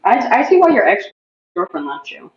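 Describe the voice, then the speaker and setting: A woman's voice: a little high, big pitch swings, normal speed, echoey room, lo-fi sound. A young woman on a live stream call, sarcastic and condescending. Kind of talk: cutting live call argument.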